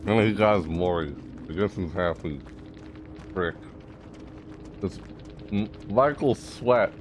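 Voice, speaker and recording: A man's voice: low voice, slow, background noise. A man giving chatty, casual commentary while playing a video game, reacting aloud and talking to himself. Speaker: gaming YouTuber.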